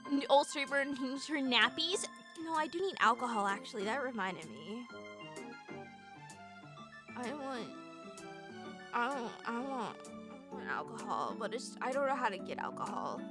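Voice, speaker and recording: A woman's voice: on the high side, expressive, a little slow, pauses often, over music. A woman streamer in casual, bubbly, profane chat with her viewers.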